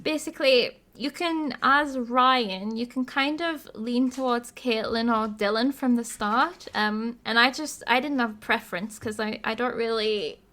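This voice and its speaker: A woman podcast host, casually retelling a video game story with lots of laughter. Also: fairly high pitch. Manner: animated storytelling, laughs often.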